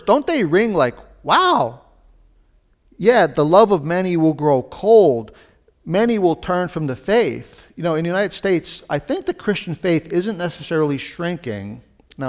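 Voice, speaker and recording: A man's voice: a little high, a little mellow. A man pastor preaching a sermon in a conversational way, with casual asides and rising emphasis on his key points.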